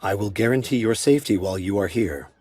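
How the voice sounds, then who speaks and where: An actor voicing a calm, protective ancient male golem lord in an anime dub, speaking in a measured way. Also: on the low side, husky, no echo. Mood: solemn.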